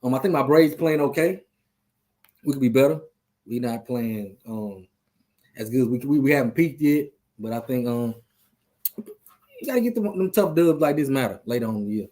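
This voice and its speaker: A man's voice: mid-range voice, expressive, normal speed, pauses often, dark tone. Loose trash-talking man on a stream. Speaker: podcast host. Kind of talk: casual sports talk on a live stream.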